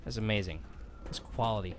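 A man's voice: on the low side, a little fast, slight background noise. A man hosting a gameplay video, chatting casually and cracking goofy jokes as he plays. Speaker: gaming channel host.

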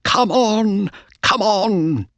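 A man voicing an excitable racehorse owner in a storybook reading, crying out loudly as his horse runs. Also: mid-range voice, extremely slow, no echo, pitched above the performer's own voice, full character voice. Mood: thrilled. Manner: loud, excited cries. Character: excitable male racehorse owner, cold then thrilled.

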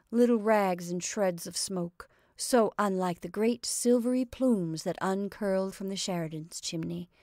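A woman giving a measured, expressive reading of a literary short story as narrator. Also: medium pitch, no echo, studio quality.

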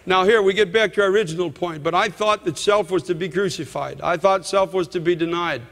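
A man preaching a fervent sermon as pastor, shouting and quoting scripture. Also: high-pitched, a little fast, in a large hall.

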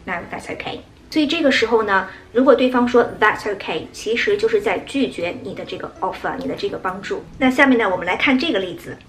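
A woman English teacher explaining English phrases in a brisk, explanatory way and acting out example lines. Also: medium pitch, a little hiss or hum. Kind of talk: explaining English usage in Mandarin.

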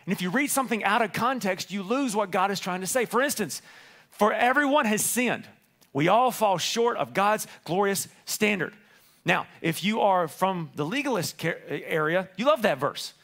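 High-voiced animated male pastor. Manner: animated, acts out voices in his stories. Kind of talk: sermon.

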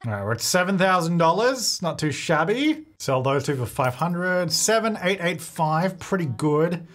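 A man's voice: on the high side, very animated, moderate pace, fairly bright tone. A young man giving casual, joking commentary as he plays a life-sim game and talks to its characters. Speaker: gaming YouTuber.

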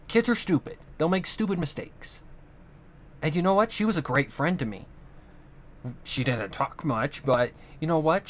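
A young man in a home vlog, talking on at length in a loose, heartfelt ramble. His voice sits at an ordinary middle pitch, and he drops casual swear words along the way. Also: a bit bright. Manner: rambling, earnest, swears often. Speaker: channel host. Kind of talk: casual monologue.

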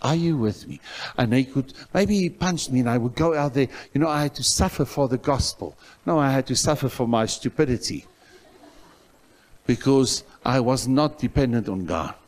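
A male pastor from South Africa preaching a sermon in a church, telling a story with loud outbursts that drop to soft asides. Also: medium pitch, moderate pace.

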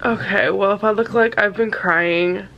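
A woman's voice: medium pitch, fairly even intonation, measured pace, muffled recording. A young woman casually vlogging about her reading, candid and self-deprecating, with some swearing. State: tearful. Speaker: book vlogger. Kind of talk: casual vlog chat.

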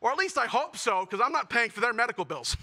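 A young man performing a self-mocking stand-up comedy set, building to shouted punchlines. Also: extremely high pitch, very animated, fast, slight background noise. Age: young adult.

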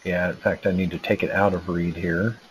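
A man presents a technical webinar, casually walking through a live demo and thinking aloud with lots of fillers and restarts. He sounds out of breath, speaking a little fast in a low-pitched, flat delivery. The audio is poor, with a little hiss or hum.

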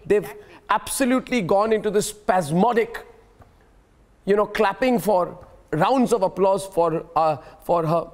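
A male TV news anchor, moderating a heated debate in a forceful, combative way and often repeating himself. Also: high voice, unhurried.

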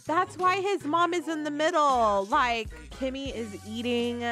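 A young woman giving slangy, expressive, profane commentary over a life-sim game. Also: sits high, measured pace, few pauses, soft background music. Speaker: gaming channel host. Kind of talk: casual gameplay commentary.

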